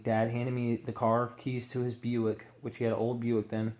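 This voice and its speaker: A man's voice: mid-range voice, level tone, normal speed, darkish tone. A man candidly telling his own addiction recovery story, rambling and swearing freely as he acts out what people said.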